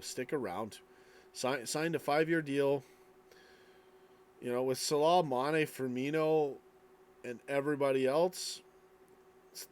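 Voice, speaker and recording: A man's voice: mid-range voice, slight background noise. A tired man streaming late at night, reading chat and rambling casually, yawning as he talks. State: sleepy, yawning.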